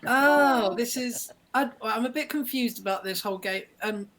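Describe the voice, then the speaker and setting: A woman's voice: on the high side, normal speed, fairly bright tone. A woman playing a tabletop role-playing game, asking the game master many unsure questions about the rules. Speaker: player. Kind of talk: casual tabletop game chat.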